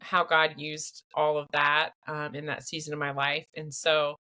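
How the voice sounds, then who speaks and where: A young woman hosting a podcast, chatting in an expressive, storytelling way. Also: deep voice, measured pace. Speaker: podcast host. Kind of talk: casual chat.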